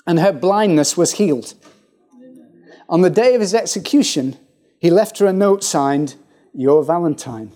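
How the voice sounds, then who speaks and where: A man preaching a sermon in a church, joking and laughing often, with halting fillers. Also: sits high, dark tone. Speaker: pastor. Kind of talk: humorous sermon.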